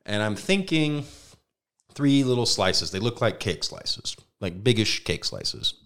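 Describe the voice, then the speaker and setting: A man with a low, smooth voice co-hosts a podcast and spins a long story in easy, casual chat. He keeps it lively, swears now and then, and acts out what other people said. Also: unhurried. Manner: animated anecdote teller, mimics voices, swears. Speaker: podcast co-host.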